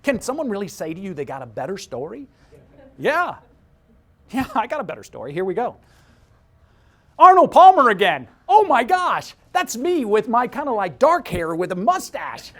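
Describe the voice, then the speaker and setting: A middle-aged man giving an energetic motivational talk, telling a story and acting out the voices of the people in it, swinging from hushed to shouting. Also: high voice, normal speed. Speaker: motivational speaker.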